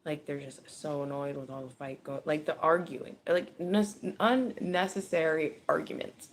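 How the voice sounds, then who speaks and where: A woman giving a casual tarot reading, chatty and animated, with frequent laughter and swearing. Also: sits low, moderate pace, a little hiss or hum. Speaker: tarot reader. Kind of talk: casual spoken card reading.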